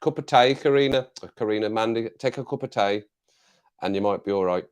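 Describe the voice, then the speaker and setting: A chatty English man hosts a casual live chat from his desk at home, talking over his clip-on mic. His voice sits on the low side, and he rambles from joke to aside, laughing as he goes. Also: brisk, clear, resonant tone. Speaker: livestream host.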